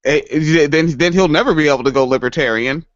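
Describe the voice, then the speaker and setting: A man's voice: fairly high pitch, quick pace, no room sound, muffled recording. A man co-hosting a casual podcast chat, joking loosely, swearing and mimicking other people. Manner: joking, profane, mimics voices. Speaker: podcast co-host.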